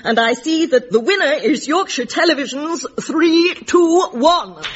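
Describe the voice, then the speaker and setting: A man putting on a prissy, theatrical announcer voice with a breathy quality. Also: very high voice, lively intonation, unhurried, very noisy, voice pushed up. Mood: grand. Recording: dull old radio recording.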